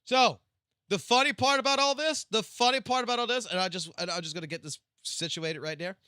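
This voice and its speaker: This is a clean, dry studio recording of a man whose high voice comes across brisk, bright, smooth, and forceful. He's doing a casual late-night live-stream rant full of profanity, rambling along and starting sentences over.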